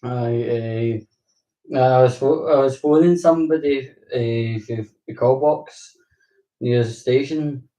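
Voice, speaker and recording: Speaking slowly in a warm, mid-range voice, a young Glaswegian vlogger chats casually with his viewers. He rambles, swears, and laughs frequently. He's recorded from a distant mic in a roomy space.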